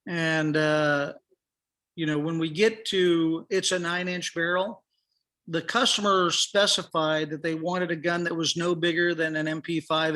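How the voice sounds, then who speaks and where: A middle-aged man on a podcast, his voice pitched a touch high and very bright and forceful. He spins a long casual anecdote and plays out every back-and-forth, with plenty of "uh"s and "you know"s along the way. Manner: acts out quoted dialogue, many fillers. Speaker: podcast guest, firearms industry professional. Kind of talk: casual storytelling.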